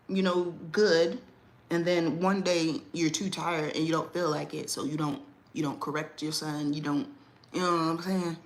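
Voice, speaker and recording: Woman, livestream host, casual chat, laughs a lot, lower voice. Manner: animated, laughs often, slangy.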